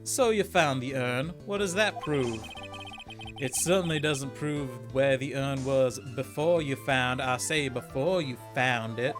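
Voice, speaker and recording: A man reading as a slow, grandiose detective. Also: medium pitch, over music, natural voice. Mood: haughty. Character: haughty, theatrical gentleman detective.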